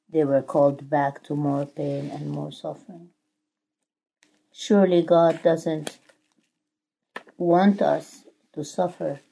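A woman's voice: low voice, creaky, warm tone. A woman preaching a sermon in an emphatic, earnest way.

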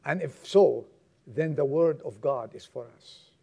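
A male pastor preaching a sermon to his congregation, emphatic and moving between loud exhortation and quiet, low asides. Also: unhurried, vocal fry, slightly rough.

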